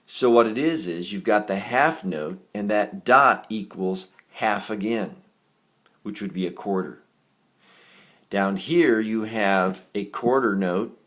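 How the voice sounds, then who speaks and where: Slow, patient male music teacher. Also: lowish voice. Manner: patient, counts beats aloud in a raised chant; steady and explanatory, with small self-corrections. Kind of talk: recorded music reading lesson.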